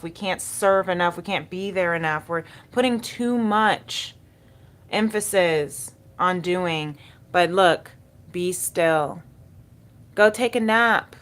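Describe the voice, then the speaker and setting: A woman's voice: lowish voice, fairly bright tone. A woman giving a spiritual tarot reading, speaking in a soothing, encouraging way and repeating key words. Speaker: tarot reader.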